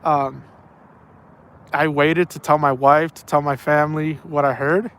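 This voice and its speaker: An angler on a night fishing trip tells stories by the water at night in a fairly high, slightly bright, smooth voice. His delivery is flat and measured, and he rambles and repeats himself with slang like "man" and "bro" in this casual spoken storytelling.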